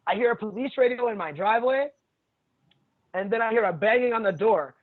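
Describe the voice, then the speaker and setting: A man with a fairly high voice tells stories casually, blunt and often profane, laughing as he goes. The audio is narrow and tinny, like it came through a phone line. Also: lively intonation, a little fast. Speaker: jiu-jitsu instructor, podcast guest. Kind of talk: casual storytelling chat.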